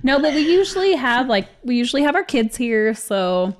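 A woman's voice: high-pitched, big pitch swings, moderate pace, a little hiss or hum. Laughing, self-deprecating woman. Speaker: podcast co-host. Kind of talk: casual chat.

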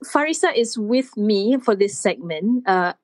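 In a casual studio segment, a woman teaches the words of the day, animatedly acting out her own surprise and reactions. She speaks at a medium pitch and an unhurried pace, over background music on poor-quality audio.

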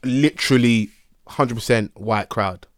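A man's voice: mid-range voice, a little slow, no room sound, clean studio sound. A man talking in a casual chat, thoughtful and questioning, hedging with many fillers.

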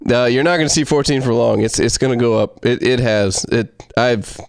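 A man's voice: mid-range voice, moderate pace, vocal fry, clear, resonant tone, dry recording, studio quality. A man hosting a casual card-game chat, talking in a loose, rambling, joking way. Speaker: podcast host.

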